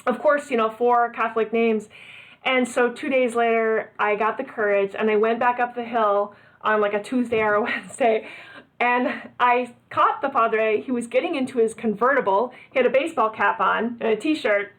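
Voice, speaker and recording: A middle-aged woman from the United States, a guest telling a story in a casual interview, lively and laughing often. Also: fairly high pitch, moderate pace.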